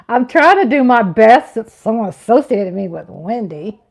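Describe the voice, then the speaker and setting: Woman, 50s, higher voice, playful livestream host, giggly, sings little riffs. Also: sing-song, measured pace, creaky. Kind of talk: casual livestream chat reading comments.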